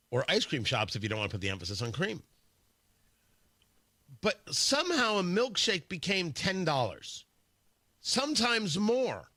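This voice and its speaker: A man's voice: fairly high pitch, bright, forceful tone, no room sound. A male radio host in a studio, talking in a casual, wry, rambling way with many stammered restarts. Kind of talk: casual morning radio talk.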